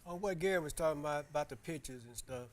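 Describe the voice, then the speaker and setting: A man chatting excitedly about baseball, teasing the others and laughing often. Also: a little high, fast talker. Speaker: guest. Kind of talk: casual chat.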